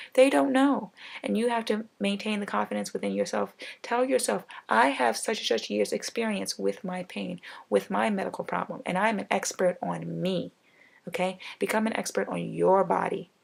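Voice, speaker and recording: Woman vlogger, very gravelly and husky, emphatic advice-giving rant, repeats her points. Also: medium pitch, fairly even intonation, moderate pace. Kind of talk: casual ranting monologue.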